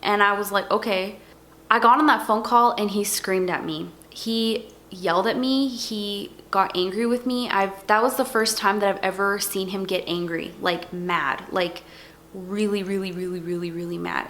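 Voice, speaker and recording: A young adult woman vlogger speaks earnestly in a personal testimony, leaning on repeated words for emphasis. Her mid-range voice is a bit bright with fairly even intonation at normal speed, with slight background noise.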